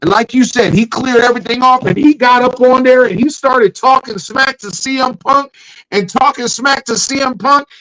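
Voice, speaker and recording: A man with a very high speaking voice co-hosts a casual podcast. He tells the story of a wrestling match with a lot of energy and acts out his own reactions as he goes. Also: moderate pace, pushed and bright, rough recording. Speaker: podcast co-host.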